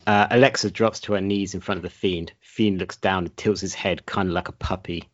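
A man co-hosting a comedy podcast, reading a script aloud in a deadpan way and breaking into laughs. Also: deep voice, brisk, lo-fi sound.

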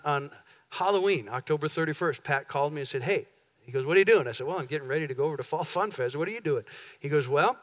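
A pastor in a church sanctuary, telling a long story to his congregation in a conversational way, acting out the dialogue as he goes. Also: mid-range voice. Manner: conversational, animated retelling with quoted dialogue. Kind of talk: sermon storytelling.

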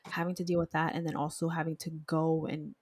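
A woman's voice: deep voice, flat delivery, a little fast, a little mellow, breathy edge. A woman chatting casually with blunt, emphatic opinions. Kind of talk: casual chat.

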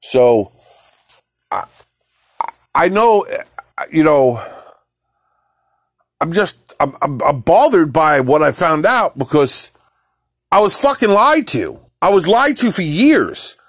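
A man's voice: fairly high pitch, big pitch swings, slow pace, long pauses, no echo, clean studio sound. A man hosting a podcast, ranting about politics in a heated, profane way, with frequent repeated words and restarts. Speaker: podcast host. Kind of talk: opinionated political rant.

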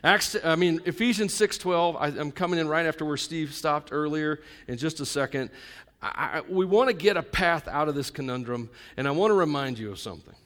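A male pastor preaching to a live congregation, conversational with joking asides, swinging between loud emphatic lines and quiet intimate ones. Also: on the high side, moderate pace. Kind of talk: sermon.

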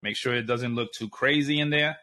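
A young man chatting casually, telling stories in an animated way, swearing and laughing often. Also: medium pitch, brisk. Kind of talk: casual chat.

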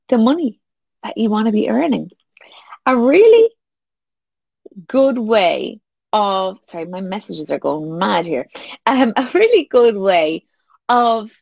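Animated woman with a gravelly edge. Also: medium pitch, dry recording. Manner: animated, acts out little quoted exchanges with laughs. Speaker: business coach. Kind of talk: casual talk to listeners.

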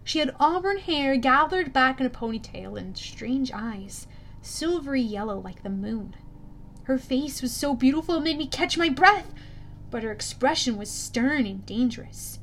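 Woman, audiobook narration, high voice, steady, self-correcting. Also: normal speed, slight background noise.

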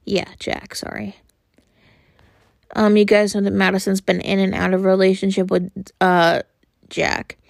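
A young woman hosting a podcast, talking frankly and earnestly in a casual monologue, often pausing on fillers. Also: mid-range voice, little pitch movement, vocal fry, no room sound, studio quality. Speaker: podcast host.

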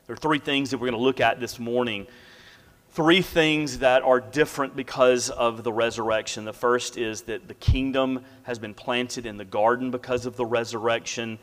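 A man's voice: medium pitch, fairly even intonation, normal speed. Male pastor preaching in a reverberant church. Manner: storytelling, drops to a hush for quiet moments. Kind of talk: sermon. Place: church sanctuary. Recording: long hall reverb.

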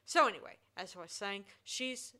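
An Australian woman co-hosts a relaxed chat, retelling a film's plot. She rambles and restarts often while hunting for the right word. Her voice is bright and crisp. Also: medium pitch, moderate pace. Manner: rambling, searches for words, many restarts. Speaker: podcast co-host. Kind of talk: casual chat retelling a film.

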